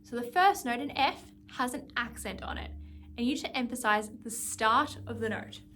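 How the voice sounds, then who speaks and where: A woman's voice: fairly high pitch, normal speed, pushed and bright, a little hiss or hum. A woman music teacher leading a guided practice lesson, patiently explaining and counting out beats. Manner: patient, counts and sings note names aloud.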